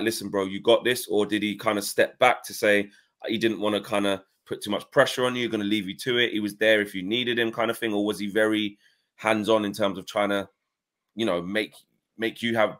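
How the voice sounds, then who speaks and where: A man hosting a casual interview, asking long rambling questions and dropping quick affirmations. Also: fairly low pitch, steady tone, fairly bright tone. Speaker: host.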